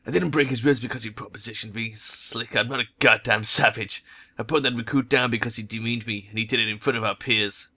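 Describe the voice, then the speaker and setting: A hard-nosed female troll veteran mercenary, as a man puts her on, speaking in curt, clipped, unsentimental lines. The voice is bright and sharp-edged, never softening. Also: medium pitch, steady tone, a little fast. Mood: stern. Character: blunt stern female troll ex-soldier mercenary.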